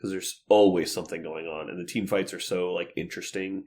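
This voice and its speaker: A man's voice: low voice, steady tone, brisk, darkish tone. A young man co-hosting a casual podcast, swearing freely, laughing often and acting out quotes in a raised voice. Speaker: podcast co-host.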